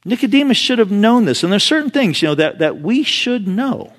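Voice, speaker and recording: A man's voice: high-pitched, big pitch swings, brisk. A male pastor preaching a sermon in a conversational, storytelling way with frequent casual asides.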